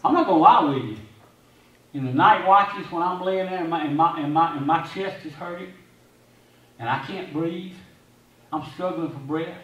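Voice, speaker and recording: High-voiced man preaching in a roomy church. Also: moderate pace, pauses often, dull audio. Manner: preaching with repeated phrases and swings between loud and hushed; quotes scripture. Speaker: pastor. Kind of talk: sermon. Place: church sanctuary. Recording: echoey sanctuary from a distance.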